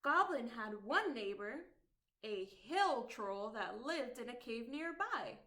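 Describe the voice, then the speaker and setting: A woman librarian reading a picture book aloud at storytime in an expressive, sing-song way. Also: a little high, slow pace. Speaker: children's librarian.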